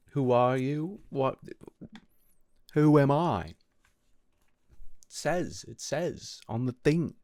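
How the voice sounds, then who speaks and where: A man with a British accent chatting casually with his live-stream viewers, wry and teasing, with frequent throat-clearing. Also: lowish voice, a little mellow, no room sound. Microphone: close desk mic.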